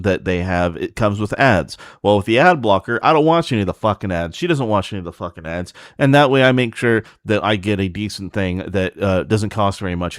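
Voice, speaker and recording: A man with a lowish voice hosts a livestream, ranting casually to his chat in a blunt, profane way. The sound is clean and studio-like, with no echo.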